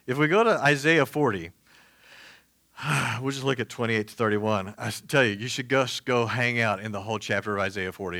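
A man's voice: on the low side, a bit bright, no room sound. A man preaching a casual sermon, chatty and joking, full of fillers and asides. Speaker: pastor.

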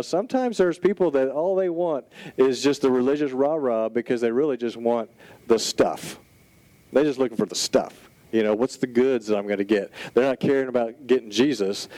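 A man preaching a sermon in an animated, conversational storytelling style, full of casual asides. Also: mid-range voice, normal speed, no echo, poor audio. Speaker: pastor.

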